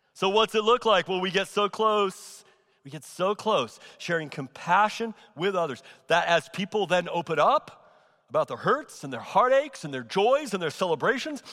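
A middle-aged male pastor preaching in a large church, his voice high and ringing. He moves between loud, stressed peaks and quiet, low asides. The sound carries a long reverb from the hall. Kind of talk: sermon. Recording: echoey sanctuary with long reverb.

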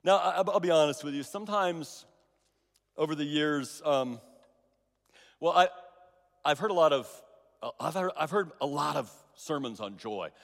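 A man's voice: fairly high pitch, expressive, moderate pace, vocal fry, pauses often. A middle-aged man preaching a sermon, telling stories with restarts and emphatic repeats. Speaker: pastor. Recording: long reverb of a large hall.

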